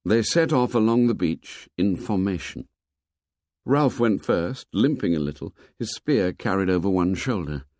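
A man narrating a novel as an audiobook in a measured, expressive storytelling manner. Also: fairly low pitch, no room sound, clean studio sound.

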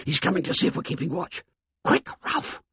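A man voicing frightened boy twins who plead in hurried, lowered voices, in a storybook reading. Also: big pitch swings, darkish tone, breathy edge, no room sound, studio quality. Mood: urgent, fearful.

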